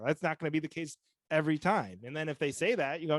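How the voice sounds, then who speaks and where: A man's voice: fairly high pitch, fast talker, no echo. A man co-hosting a podcast, telling jokey stories in casual chat and acting out bits of dialogue. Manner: joking storyteller, acts out dialogue. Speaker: podcast co-host.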